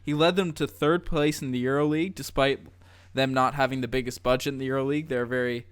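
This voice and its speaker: Man, smooth clear voice, dry close sound, sports podcast host, upbeat. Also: mid-range voice, fairly even intonation, fast talker, no room sound. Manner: upbeat, brief agreeing replies. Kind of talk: casual sports podcast chat.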